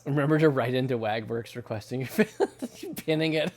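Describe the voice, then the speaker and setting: A man's voice: medium pitch, very animated, moderate pace, darkish tone. A man in his thirties from the United States, chatting casually with viewers while drawing on a livestream, rambling and laughing often. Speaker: artist streamer. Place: home studio at night.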